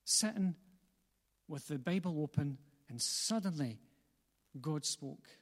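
Male pastor, fairly high voice, earnest sermon with rhythmic repetition, church hall reverb. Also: lively intonation, slow pace. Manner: earnest, building repetition, gentle asides to congregation. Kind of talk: sermon and closing prayer.

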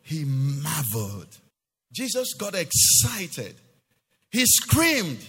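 A man preaching a sermon in a church, emphatic, asking his congregation questions and now and then singing a phrase or rising to a shout. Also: sits high, big pitch swings, slow, slightly rough. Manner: sings some phrases, rises to shouts. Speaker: pastor. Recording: long hall reverb.

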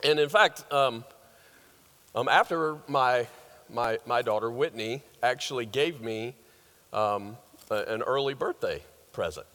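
A man's voice: mid-range voice, measured pace, a bit bright. An older man preaching a sermon as pastor, conversational and joking, with lots of fillers and restarts. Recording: long hall reverb.

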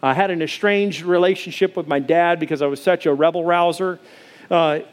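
A man's voice: on the high side, brisk, smooth. A man in his forties from Arkansas, preaching a sermon in a folksy, conversational storytelling way. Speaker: pastor.

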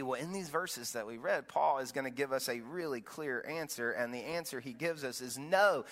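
A man's voice: mid-range voice, moderate pace, hardly any pauses, a bit bright, big-room sound. A man in his thirties, a pastor, preaching a sermon in a conversational storytelling way, often restarting his phrases. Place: church auditorium.

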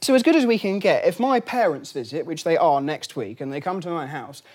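A man's voice: a little high, animated, brisk, a little mellow, husky. A middle-aged man giving a lunchtime lecture in a room, chatty and wry, with many fillers and restarts.

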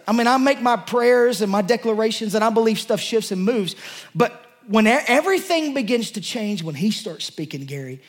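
A male pastor preaching a sermon to his congregation, passionate and emotional, talking in a loose, conversational way with many restarts. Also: sits high. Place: church service before a congregation.

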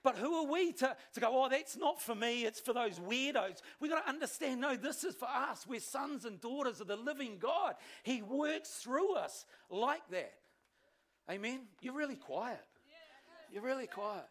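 A male pastor, preaching a sermon with animated, self-deprecating storytelling. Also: extremely high pitch, moderate pace.

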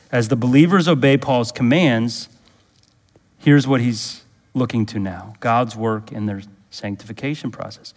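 A pastor preaching a sermon, emphatic, drawing answers from the congregation and rising to fervent intensity when he prays aloud. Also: long reverb tail. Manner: emphatic, asks the congregation to fill in words; rises to fervent, higher-pitched intensity in prayerful passages.

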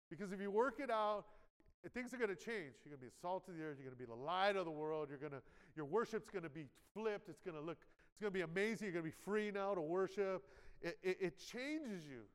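High-voiced pastor preaching in a reverberant hall. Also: male voice, expressive, brisk, smooth. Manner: conversational preaching with frequent "amen" and audience check-ins; acts out quoted inner voices with dramatic shifts in loudness. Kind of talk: sermon. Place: church sanctuary. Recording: live sermon in a large reverberant church hall.

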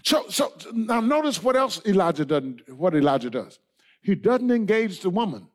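Preacher guy, high voice all over the place, shouts then goes quiet, keeps saying amen. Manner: emphatic preaching, swings between shouting and soft asides; punctuates with amen and all right. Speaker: pastor. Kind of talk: sermon.

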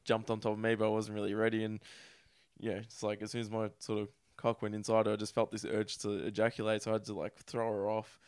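Man, Australian accent, podcast guest, candid crude storytelling, flat even delivery, dry close sound. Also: on the low side, fast, clear, resonant tone, dry recording. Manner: candid, crude, self-deprecating.

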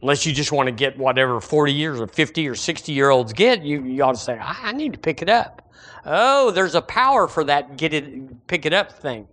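A man preaching a sermon as pastor, animated and acting out the voices of his listeners. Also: fairly high pitch, brisk, few pauses.

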